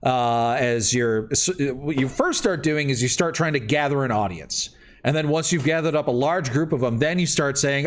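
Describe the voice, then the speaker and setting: Male game master, loose rambling narration, animated pitch. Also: brisk.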